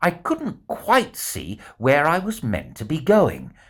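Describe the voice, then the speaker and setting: A man narrating a children's adventure story in the first person as a bear, in an animated, expressive storytelling manner. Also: on the high side, slow pace.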